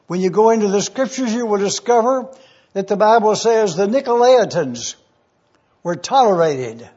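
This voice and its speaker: A man preaching a numbered teaching sermon, speaking slowly and deliberately and repeating key phrases. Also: sits high, expressive, a little mellow, breathy edge, dull audio.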